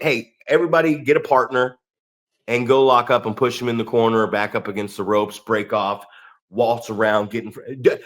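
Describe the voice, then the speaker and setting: A man co-hosting a podcast, ranting profanely with animated mocking asides. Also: medium pitch, normal speed. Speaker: podcast co-host. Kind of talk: casual podcast rant.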